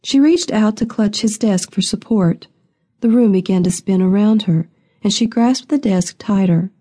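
A woman narrating a historical romance audiobook in an even, steady reading voice. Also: mid-range voice, normal speed. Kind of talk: scripted narration.

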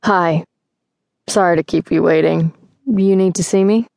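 A woman voicing a young, easygoing tattooed man in an audiobook, speaking in a relaxed, casual way. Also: lowish voice, unhurried, creaky, dry recording, clean studio sound. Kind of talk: audiobook character voice.

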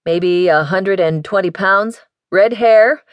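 A woman's voice: medium pitch, takes it slowly, clear, resonant tone, no room sound, dull audio, natural voice. A woman voicing a big, easygoing male professor who teases dryly. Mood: wry. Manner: wry, teasing.

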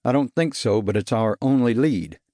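A male audiobook narrator playing a gruff, short-tempered tough man who growls his curt lines. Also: medium pitch, moderate pace, mellow, dry recording, studio quality, close to an everyday voice. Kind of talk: audiobook character voice.

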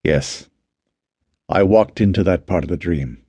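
A male narrator plays a tender, protective husband. His voice drops low and mellow, slow and soothing. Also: slightly rough, dry recording, full character voice. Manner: soft, gentle, soothing.

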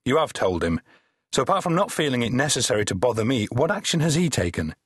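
A man's voice: mid-range voice, sing-song, fast, husky, dry recording, clean studio sound, pitched above the performer's own voice. A man voicing an irritable male police detective who sounds annoyed and clipped, in an audiobook. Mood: irritated.

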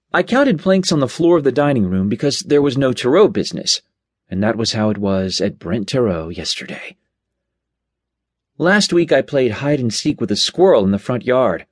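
A man's voice: mid-range voice, no room sound, studio quality. A man narrating an audiobook in first person, in a wry, sardonic manner. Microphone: studio mic.

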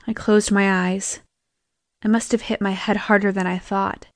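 A woman's voice: medium pitch, level tone, normal speed, dry recording, studio quality. A young woman reading a first-person audiobook in a tense, emotive storytelling manner. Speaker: audiobook narrator.

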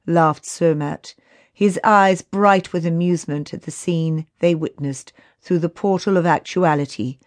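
Female narrator for a children's fantasy book; lowish voice, unhurried. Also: steady tone, dry recording. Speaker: audiobook narrator.

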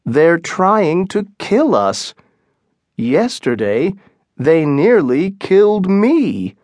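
A man's voice: on the high side, sing-song, drawn-out words, a little mellow, no echo, studio quality, voice pushed up, heavily acted. A man voicing an anxious, timid English colony governor in an audiobook, worried and pleading. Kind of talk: audiobook character reading.

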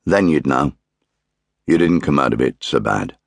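A blunt, bitter middle-aged miner's son with a Nottinghamshire accent, as a man reads him in an audiobook. He speaks in a low, dry, plain-spoken grumble. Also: animated, moderate pace, creaky, no room sound, exaggerated voice.

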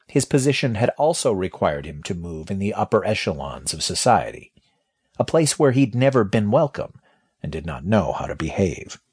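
Man, audiobook narrator, husky, animated delivery, scripted narration. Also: lowish voice.

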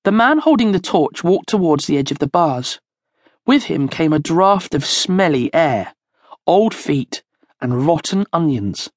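Slow, lively woman storyteller, dry studio. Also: deep voice, no echo. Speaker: audiobook narrator. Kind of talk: scripted children's story narration.

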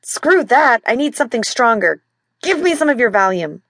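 A woman's voice: sits high, very animated, moderate pace, no echo, studio quality, pitched above the performer's own voice. A woman narrator voicing an impatient adult man who is hurt and snaps through gritted teeth. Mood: pained, irritable.

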